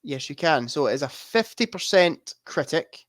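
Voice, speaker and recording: A podcast co-host quizzes his friend on movies in casual chat, laughing as he gives clues. His voice sits on the high side and has a sing-song lilt at a moderate pace. The studio-quality recording has no echo.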